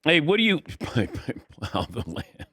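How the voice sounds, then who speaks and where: A man's voice: a little high, huge pitch swings, takes it slowly, a bit bright, slightly rough. A man hosting a sports talk show, teasing and needling his guest. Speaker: host.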